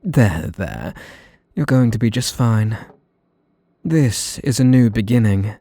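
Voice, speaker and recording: A man's voice: on the low side, expressive, slow pace, dry recording, exaggerated voice. A man playing a sweetly menacing British mage. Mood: soothing. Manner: soft, teasing, condescending, coaxing. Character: possessive young male mage, sweetly menacing. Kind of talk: ASMR role-play.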